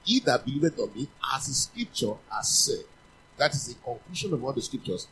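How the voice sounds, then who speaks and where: A man's voice: medium pitch, very animated, slight background noise, poor audio. Man preaching a sermon, questioning and repeating. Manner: teaching, repeats key phrases, asks the congregation questions; grows louder and faster, urging.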